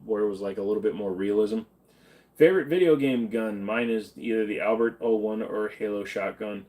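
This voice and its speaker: A man with a fairly low, somewhat dark voice hosts a casual live-stream Q&A, reading questions from chat and answering bluntly in an offhand drawl. He sounds tired and in pain. He speaks into a desk mic but sits farther back from it than usual.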